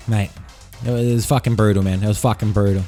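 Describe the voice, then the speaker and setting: A man's voice: fairly low pitch, steady tone, moderate pace, a little mellow, soft background music. An Australian man hosting a podcast, telling crude, profane tall tales in a rambling comic monologue. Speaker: podcast host.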